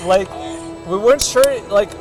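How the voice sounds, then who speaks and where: Drunk, giggly man, high voice. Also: unhurried, over music. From Canada. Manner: rambling, giggly, trailing off mid-sentence. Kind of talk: casual chat on a movie watch-party call. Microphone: video call. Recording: noisy video call audio.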